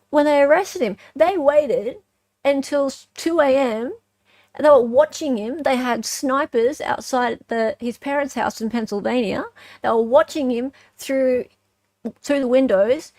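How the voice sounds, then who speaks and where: An Australian woman hosting a casual true-crime commentary in a fairly high voice. She sounds animated and sarcastic and keeps firing "right?" at her listeners. The sound is dry, with no room echo. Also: a little slow.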